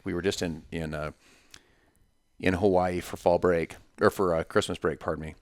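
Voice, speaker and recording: Low gravelly man, emphatic storyteller. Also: steady tone, normal speed, no echo. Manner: emphatic, storytelling, punchy repetitions. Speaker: podcast guest. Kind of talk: casual podcast conversation.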